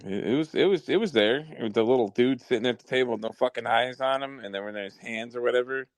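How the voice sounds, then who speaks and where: A man's voice: mid-range voice, quick pace, no echo. A man hosting a podcast, telling stories in profane, rambling casual chat. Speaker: podcast host.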